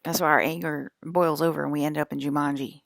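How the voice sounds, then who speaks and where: Brief: woman in her 40s, stream host, very gravelly and low, close dry sound, angry profane rambling. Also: fairly even intonation, quick pace, dry recording. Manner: rambling with frequent restarts. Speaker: livestream channel host. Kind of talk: rambling spiritual livestream monologue.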